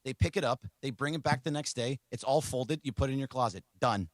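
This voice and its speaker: A man's voice: mid-range voice, a little fast, dry recording. A man hosting a sports radio show in a studio, rambling and self-deprecating, laughing through casual banter.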